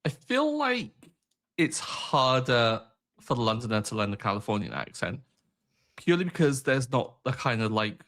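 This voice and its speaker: A man co-hosting a podcast, chatting casually about a film with animated, exaggerated outrage and rambling asides. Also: mid-range voice, normal speed. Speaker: podcast co-host.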